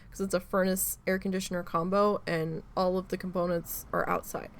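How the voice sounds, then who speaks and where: A woman streamer talks casually over her game into a desk mic, rambling from one thought to the next. She swears freely as she goes, at a middling pitch. A faint hiss sits under her voice. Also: moderate pace, gravelly, fairly bright tone. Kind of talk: casual chat while gaming.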